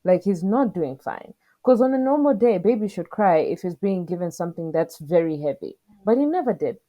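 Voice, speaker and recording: A woman's voice: mid-range voice, dark tone. A young woman and podcast co-host recounting a personal story in an earnest, emotional way, voicing the back-and-forth she had with staff. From southern Africa. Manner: emotional, earnest retelling with quoted exchanges.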